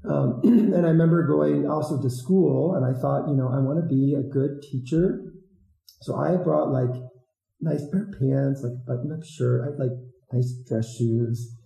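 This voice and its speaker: A man who served as a volunteer teacher, telling stories in a relaxed, rambling way with many fillers and restarts. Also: medium pitch, vocal fry. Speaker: former Peace Corps volunteer teacher. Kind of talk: casual storytelling interview. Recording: roomy echo.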